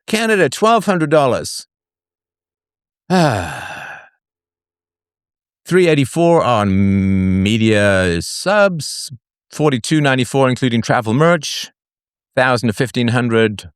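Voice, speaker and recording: A male host talks through a solo live broadcast, his pitch leaping widely from phrase to phrase. He reads off numbers and drops sarcastic, mocking jokes as he goes. The sound is dry and close, with no room behind it. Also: sing-song, slow pace, pauses often, smooth, no room sound. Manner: jokey asides between figures read out. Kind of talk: solo livestream monologue.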